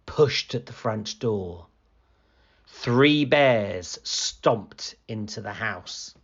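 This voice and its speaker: A man reading a children's picture book aloud in an animated, expressive storytelling manner. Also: on the low side, drawn-out words, vocal fry, dull audio.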